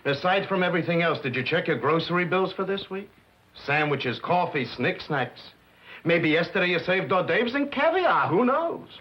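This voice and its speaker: An actor playing an indignant middle-aged husband in a 1950s TV sitcom, emphatic and scolding in an exasperated way. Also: male voice, sits high, sing-song, normal speed. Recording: dull lo-fi 1950s TV sound.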